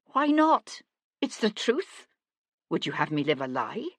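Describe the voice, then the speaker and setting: A woman voicing a frightened young actress who pleads in a breathy, trembling way. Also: fairly low pitch, big pitch swings, unhurried, no echo, heavily acted. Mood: anguished.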